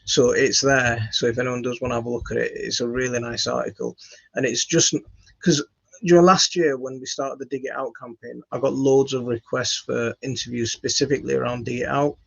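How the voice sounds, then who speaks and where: A West Yorkshire man hosts a home gardening channel, chatting casually to camera in a rambling, self-deprecating way full of fillers and restarts. His mid-range voice is brisk, gravelly and husky with little pitch movement. He records on a phone in an indoor home studio, giving dry, dull lo-fi audio.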